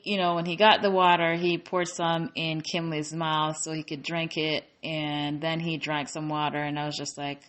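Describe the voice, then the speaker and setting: Her voice is low with a fairly bright tone as this female movie reviewer walks through a war movie's story in a relaxed way. The talk rambles along with plenty of filler words, false starts and feeling-driven comments.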